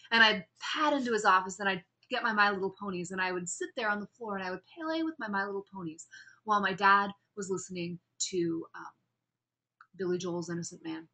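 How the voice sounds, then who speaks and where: A woman's voice: medium pitch, bright, forceful tone. A woman instructor giving a recorded lecture on public speaking, upbeat and chatty with frequent restarts.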